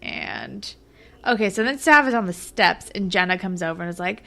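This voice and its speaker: A woman's voice: on the low side, lively intonation, normal speed, creaky, pushed and bright. A young woman co-hosting a podcast, recapping episodes in casual chat and acting out the characters' lines in exaggerated voices. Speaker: podcast co-host.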